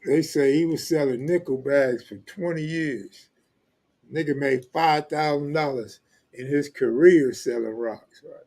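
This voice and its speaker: His voice is on the high side with a darkish tone, and he takes his time as he hosts a live stream from California. He chats casually in loose street slang, reading live comments and joking with viewers.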